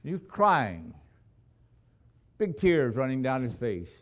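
A man preaching a sermon as a missionary, telling stories with dramatic swings between loud emphasis and hushed, low lines. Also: very animated, slow.

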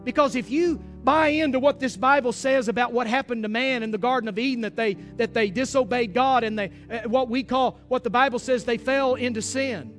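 High-voiced folksy male preacher. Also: fairly quick, few pauses, faint music behind. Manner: folksy, emphatic, with humor. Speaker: pastor. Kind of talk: sermon.

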